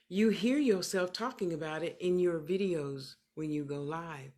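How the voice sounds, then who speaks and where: A woman working as a clairvoyant medium, giving casual livestream readings in an animated, emphatic, sassy and motherly way, often repeating phrases for emphasis. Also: low-pitched, normal speed, hardly any pauses.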